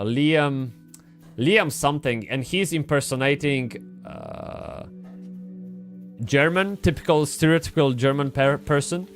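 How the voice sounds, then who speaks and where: A man chats loosely through a game stream, restarting his sentences and swearing freely. His voice sits at an ordinary middle pitch. Faint music plays in the background. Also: fairly bright tone. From Poland. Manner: rambling, swearing, frequent restarts. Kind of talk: casual gaming livestream chat.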